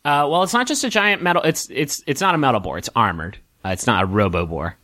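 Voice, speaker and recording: A man narrating as game master of a tabletop game, halting, with many ums and restarts. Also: medium pitch, lively intonation, pushed and bright, no room sound, clean studio sound.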